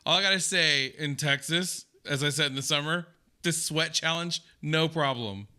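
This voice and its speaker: A man's voice: fairly high pitch, moderate pace, smooth. An American man hosting a reaction video, gushing and laughing often in casual commentary. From United States. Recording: loud background noise.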